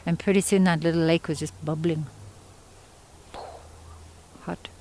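A woman storyteller from Yukon, Canada, telling a traditional story in an unhurried, conversational way with pauses and asides. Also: sits low, steady tone, mellow, a little hiss or hum, low-quality recording. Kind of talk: oral storytelling.

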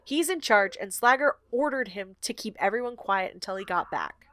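A woman's voice: medium pitch, lively intonation, moderate pace, fairly bright tone, no echo. A woman co-hosting a podcast, summarizing a book chapter in a casual chat and often laughing. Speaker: podcast co-host recapping a book.

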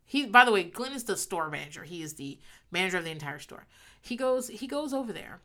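Bright-voiced rambling woman recapping a sitcom. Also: mid-range voice, expressive, a little fast. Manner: rambling, laughs often, acts out characters' lines. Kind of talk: casual chat recapping a sitcom.

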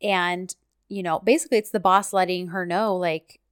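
A woman's voice: fairly low pitch, fairly even intonation, moderate pace, smooth, no room sound, clean studio sound. A woman co-hosting a casual chat, retelling episode scenes and quoting the characters' lines. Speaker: podcast co-host recapping a TV series.

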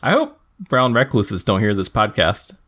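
A man's voice: lowish voice, huge pitch swings, unhurried, a bit bright. A man co-hosting a podcast, playful and enthusiastic, laughing often in casual banter. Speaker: podcast co-host.

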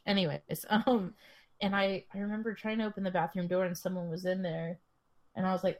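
A woman's voice: fairly low pitch, brisk. A young woman co-hosting a podcast, telling stories in a rambling way, swearing freely and laughing often. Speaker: podcast co-host. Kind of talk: casual chat.

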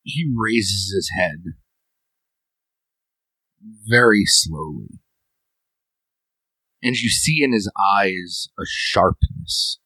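Deep-voiced man narrating slowly. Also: animated, sharp tone, dry recording, low-quality recording. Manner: slow, descriptive narration with long pauses. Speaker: game master. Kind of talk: narrating a tabletop game.

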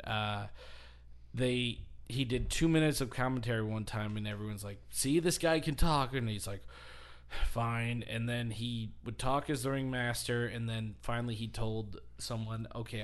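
A man hosting a podcast, telling long rambling stories in casual chat and breaking into quick laughs. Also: mid-range voice. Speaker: podcast host.

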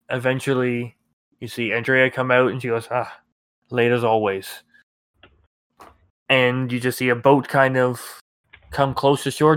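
A man's voice: medium pitch, smooth, no echo. Man narrating a tabletop game. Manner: relaxed storytelling with many fillers. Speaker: game master.

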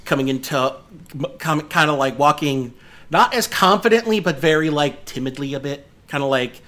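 A man's voice: fairly high pitch, lively intonation, moderate pace, fairly bright tone. A man in his thirties narrating a tabletop game as game master, rambling with lots of fillers and restarts. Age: 30s.

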